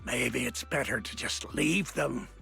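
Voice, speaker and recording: Old sea captain, game character, gravelly, raspy, very slow speech, bright edge, music underneath. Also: male voice, mid-range voice, exaggerated voice. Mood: fatherly. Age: older. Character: gruff old male sea captain, weary and regretful. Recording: game audio with music behind.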